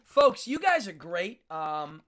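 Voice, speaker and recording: A man's voice: high-pitched, very animated, slow pace, fairly bright tone. A man hosting a live internet show, chatting casually and rambling with frequent laughs. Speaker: host. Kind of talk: casual live-stream chat.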